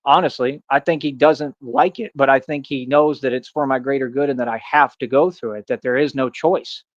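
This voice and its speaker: A man's voice: medium pitch, steady tone, a little fast, no echo. Man, casual vlog monologue, earnest and emphatic, dull lo-fi sound, dry. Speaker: street performer in a Batman costume.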